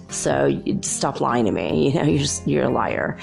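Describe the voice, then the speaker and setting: A woman with a low voice and a gravelly, creaky edge talks in a loose, rambling storytelling manner as a podcast host. She keeps it chatty and laughs often, with faint guitar music in the background. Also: expressive, moderate pace, hardly any pauses. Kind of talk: casual storytelling monologue.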